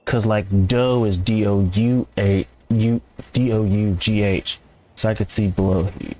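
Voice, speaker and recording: A man's voice: on the low side, fairly even intonation, unhurried, warm tone, a little hiss or hum. A man streaming a farming game, chatting casually and rambling as he answers his viewers' chat. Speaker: gameplay streamer. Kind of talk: casual live-stream commentary.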